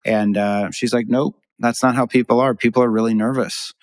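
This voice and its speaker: Male podcast host, casual and rambling, restarts his sentences, mid-range pitch. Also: fairly even intonation, moderate pace. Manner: rambling, self-interrupting storyteller.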